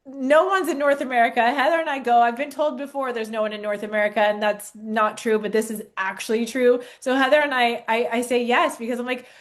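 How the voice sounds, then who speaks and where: An animated woman in her forties speaks earnestly to a crowd, her voice pitched a touch high. She talks straight to her listeners with eager conviction. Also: fairly quick, hardly any pauses. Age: 40s. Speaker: network marketing speaker. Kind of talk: storytelling testimonial on stage.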